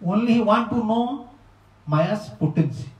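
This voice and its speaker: Monk, male, high voice, animated storyteller sermon; distant mic, echoey hall. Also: a little slow. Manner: animated storyteller in non-native English, voicing the characters. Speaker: monk giving a spiritual talk.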